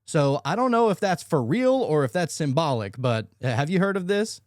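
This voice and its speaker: A slightly high-voiced man hosting a podcast, his pitch swinging animatedly as he chases his thoughts, stumbling and restarting while he hunts for words. The sound is dry and close. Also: normal speed, dry recording. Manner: excitable, searching for words, many restarts. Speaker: podcast host. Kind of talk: casual podcast conversation.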